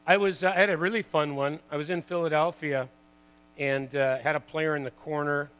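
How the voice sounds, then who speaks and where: A man in his sixties, a former pro hockey player, telling lively stories to an audience, full of "you know" and "like" and laughing at his own tales. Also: fairly high pitch, fairly quick, clean tone, rough recording. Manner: chatty, lots of "you know" and "like". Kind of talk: storytelling talk to an audience.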